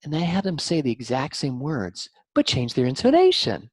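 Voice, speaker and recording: A man talking as an interview guest, explaining mind-body ideas in an animated way that swings from lively to soft and low. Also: normal speed, slightly rough, dry recording. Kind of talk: conversational explanation.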